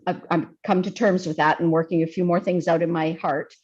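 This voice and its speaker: A woman guest in a casual conversation, talking in a chatty, expressive way and acting out things she once said. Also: lowish voice, a little fast. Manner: chatty and expressive, acts out her own past remarks. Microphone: video call. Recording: muffled video-call audio.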